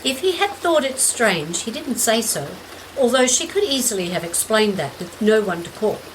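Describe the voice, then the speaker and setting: A woman narrating a short story in a measured, gentle way. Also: on the high side, slight background noise, rough recording. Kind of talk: scripted narration. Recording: steady rain in background.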